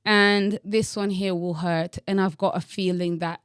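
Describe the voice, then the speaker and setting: A woman's voice: fairly low pitch, steady tone, a little slow, clear, resonant tone, no echo, clean studio sound. Bold, teasing young woman vlogger. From Angola. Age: young adult. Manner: bold, teasing, dramatic emphasis. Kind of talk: opinionated direct-to-camera monologue.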